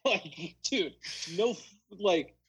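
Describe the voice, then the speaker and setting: A man's voice: sits high, animated, takes it slowly, husky, lo-fi sound. A young man chatting casually about football as a podcast co-host, rambling with lots of fillers. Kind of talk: casual sports chat.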